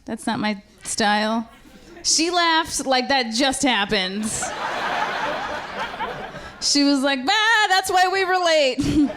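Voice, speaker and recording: A woman doing stand-up comedy on a club stage into a handheld mic, with sarcastic, deadpan asides. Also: sits high.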